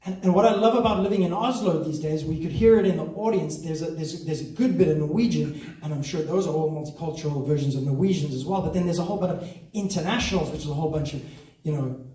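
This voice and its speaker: A man working a theatre crowd with a stand-up set, his voice a touch high for a man. He is loose and self-mocking and laughs at his own lines. The sound bounces around the hall and comes from some way off the mic. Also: quick pace, warm tone. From South Africa. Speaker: stand-up comedian. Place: theatre stage before a live audience. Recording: echoey hall from far off.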